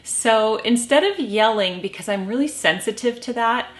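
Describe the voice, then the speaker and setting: A middle-aged woman giving lifestyle advice to camera in a calm, measured way with gentle humor. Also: on the high side. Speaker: lifestyle vlogger. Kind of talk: casual advice talk to camera.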